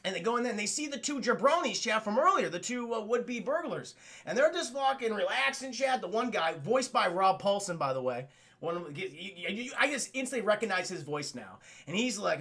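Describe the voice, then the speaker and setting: Streaming a cartoon review, this man rambles and swears casually while he keeps talking to his chat. His voice is high and animated, a little fast, with a pushed, bright quality, typical of casual live-stream commentary.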